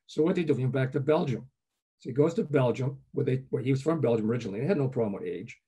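Fast-talking older man telling stories. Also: medium pitch, lively intonation, dark tone, breathy edge. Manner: chatty, anecdotal, frequent "okay?" asides, chuckles often. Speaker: guest, groundwater professor. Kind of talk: relaxed storytelling interview.

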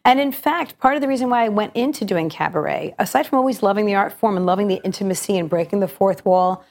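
A middle-aged woman, an actress and cabaret singer, talking as a guest in a radio interview, her voice slightly gravelly today, telling stories in a chatty, reflective way with many restarts. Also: mid-range voice, quick pace, a little mellow.

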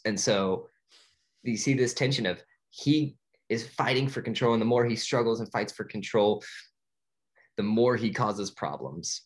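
A man retelling a film plot in casual chat, talking loosely with many fillers and restarts and laughing often. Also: medium pitch. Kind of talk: casual movie recap chat.

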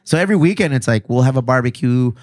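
A man's voice: mid-range voice, animated, quick pace. A man chatting casually on a podcast, cursing freely and dropping Spanish slang. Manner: profane, laid-back, mixes in Spanish slang. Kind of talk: casual chat.

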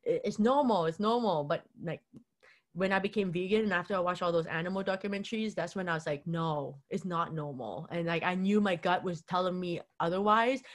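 A young woman telling a personal story in a loose, chatty way, full of "like" fillers, briefly acting out what people said. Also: fairly low pitch. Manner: chatty, constant "like" fillers, acts out quotes.

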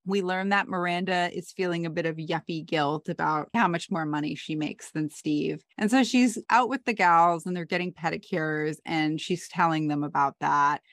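A woman's voice: sits low, no room sound, studio quality. A young woman co-hosting a podcast, casually retelling a TV episode and quoting the characters as she goes. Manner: animated retelling, quoting characters in quick asides. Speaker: podcast co-host recapping a TV episode. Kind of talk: casual recap chat.

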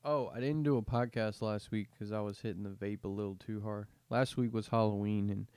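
Speaking briskly in a low, darkish, clean voice with fairly even intonation, this twenty-something male podcaster meanders through an offhand rant. He swears a lot and leans heavily on slang, and the sound has no echo.

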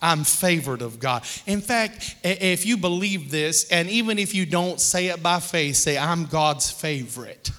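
Pastor, man, slow and bright, sermon with call-and-response and jokes, long hall reverb. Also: on the high side, animated. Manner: leads call-and-response with the congregation; joking, playful asides. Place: church hall with congregation.

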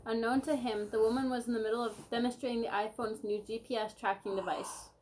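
A woman's voice: fairly high pitch, fairly even intonation, fast talker, a little mellow, slight background noise, rough recording. A woman co-hosting a podcast, reading out short odd news stories in a matter-of-fact way. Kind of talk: reading out short news items in casual chat.

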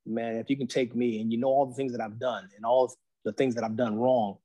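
Appearing as a podcast guest, a forties-aged man recounts how he came to faith, using slangy, lively storytelling and performing the voices of those he quotes. He speaks at a fairly quick clip with a medium pitch.

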